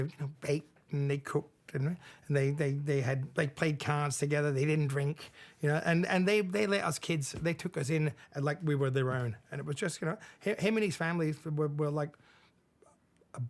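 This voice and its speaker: A man telling blunt, animated stories about his childhood, swearing freely. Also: a little high. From Australia. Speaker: interviewee. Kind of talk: casual storytelling.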